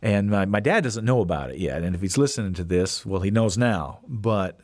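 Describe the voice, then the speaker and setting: A man hosting a podcast, telling a casual story in an animated way and acting out the voices he quotes. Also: lowish voice, normal speed, dry recording, clean studio sound. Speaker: podcast host.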